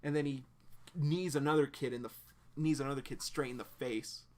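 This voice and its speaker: An excitable man doing a casual live reaction to a webcomic. He rambles as he describes each panel and leans on filler words, with a voice of ordinary middle pitch. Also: a little fast.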